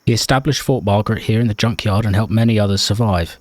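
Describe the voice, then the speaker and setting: A man reading aloud a grave note from a male survivor, slowly and solemnly. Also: fairly low pitch, no room sound, natural voice.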